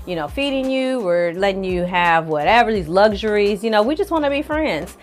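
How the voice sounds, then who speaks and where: A woman voicing a polite, scheming rich woman who speaks in a smooth, falsely friendly way during a casual video recap. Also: mid-range voice, lively intonation, fairly quick, faint music behind, lightly acted. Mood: coaxing.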